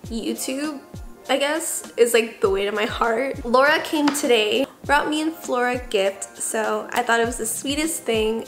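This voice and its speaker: A young woman chats casually to her camera, gushing over each thing and leaning on "like" and "I don't know." Her voice sits a little high. Faint music plays underneath. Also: a bit bright. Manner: gushing, chatty, repeats fillers like "like" and "I don't know". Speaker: vlogger. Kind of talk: casual vlog chat.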